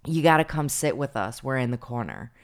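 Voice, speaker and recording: A woman with a low-pitched voice, chatting on a podcast. She tells a story in a loose, animated way, full of "like" and quoted asides. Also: a little fast. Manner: chatty, animated retelling with lots of fillers. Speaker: podcast co-host. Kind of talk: casual storytelling chat.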